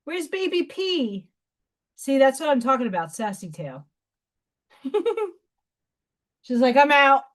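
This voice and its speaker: A woman's voice: sits high, big pitch swings, takes it slowly, long pauses. A woman hosting a casual craft livestream from her home, chatty, laughing often and cooing baby talk at her cat. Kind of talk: casual live-stream chat.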